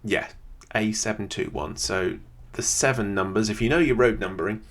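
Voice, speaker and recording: A man with a fairly low voice thinks aloud while playing a geography game for his video channel, chatting casually and pausing often with "um." He records from a quiet room at home, with a computer sitting under the desk.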